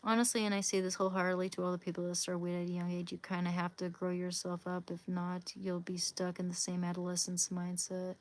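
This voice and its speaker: A woman's voice: on the low side, monotone, a little fast, few pauses. Woman in her 30s livestreaming from home, chatty, answers chat as she goes, phone cam. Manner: chatty, reads and answers viewer comments. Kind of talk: casual live-stream chat. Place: home, near a bed. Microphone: phone or device camera.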